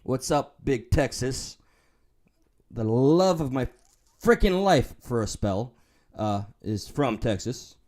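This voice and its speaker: A man's voice: medium pitch, lively intonation, takes it slowly, a little mellow. Profane New York man chatting casually. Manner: profane, candid, rambling, joking. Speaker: livestream host reading chat. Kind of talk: casual livestream chat.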